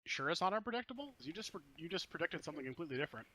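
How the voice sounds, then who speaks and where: A man acts as game master for a tabletop game, narrating scenes and teasing his players. He talks at a fast clip, and his voice is bright and forceful. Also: a little high, big pitch swings, slight background noise.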